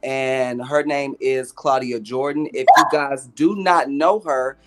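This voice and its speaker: Mid-pitched man co-host, easygoing. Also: fairly even intonation, a loud crowd. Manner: measured, sprinkled with ums and uhs. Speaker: podcast co-host. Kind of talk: casual recap chat.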